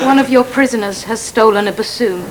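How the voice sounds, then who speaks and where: A woman's voice: on the high side, a little fast, a loud crowd, heavy background noise, close to an everyday voice. A woman playing a dry, wry new teacher. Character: dry, level-headed young female teacher. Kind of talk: 1990s TV sitcom acting.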